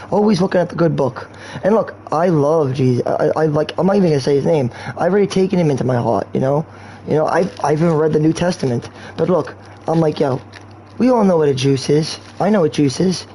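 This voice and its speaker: Rambling man with a mellow voice. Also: a little high, a little hiss or hum, poor audio. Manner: rambling, meandering jokes, crude. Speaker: gaming streamer. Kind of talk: rambling gameplay commentary.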